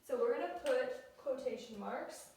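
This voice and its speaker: Her voice sits high and expressive, and she takes her time while guiding a classroom through grammar one step at a time, asking questions along the way. There is background noise, and the distant phone mic across the room captures a lot of room echo.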